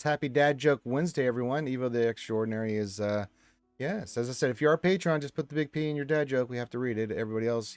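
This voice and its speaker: Chatty man reading a livestream chat. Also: dry recording. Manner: reads chat aloud with lively swings in pitch and loudness. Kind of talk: casual chat.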